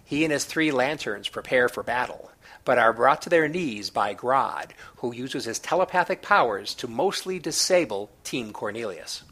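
A man reviewing comic books, recapping the plot in a relaxed, chatty way with small asides. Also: medium pitch, moderate pace.

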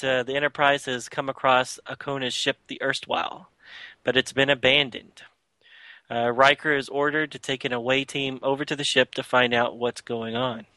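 Bright-voiced man recapping casually. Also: mid-range voice, no room sound. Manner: chatty, loose retelling with frequent filler words. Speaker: podcast host. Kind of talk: casual comic book recap.

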